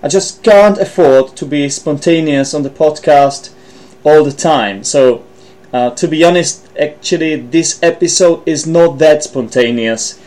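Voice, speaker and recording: A man who teaches English hosts a learning podcast, explaining vocabulary as he thinks aloud, partly reading from notes with frequent ums, restarts and self-corrections. His voice is on the high side, unhurried and a little mellow.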